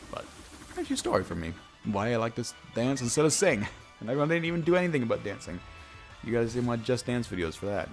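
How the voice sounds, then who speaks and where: Deep, gravelly young man rambling while gaming. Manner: rambling, self-interrupting, lots of fillers and restarts. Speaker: gaming YouTuber. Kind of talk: casual let's-play chat with storytelling. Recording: faint background game music.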